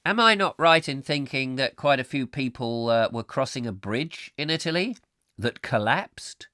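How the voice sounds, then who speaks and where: A man's voice: mid-range voice, expressive, normal speed, sharp tone, dry recording, clean studio sound. A man hosting a live casual chat show, rambling and chatty, getting easily exasperated. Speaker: host. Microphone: close microphone.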